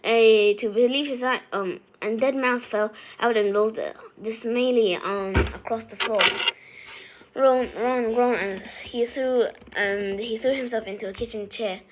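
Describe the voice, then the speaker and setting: A woman reading a novel aloud as an amateur reader, halting, with frequent slips and restarts. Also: fairly high pitch, steady tone, noisy background.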